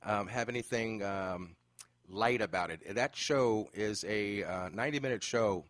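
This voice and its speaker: A man hosts a podcast, spinning an animated story with plenty of fillers. His voice sits low and the sound is dry and close, with no room around it. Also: measured pace, dry recording. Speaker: podcast host. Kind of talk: casual interview chat.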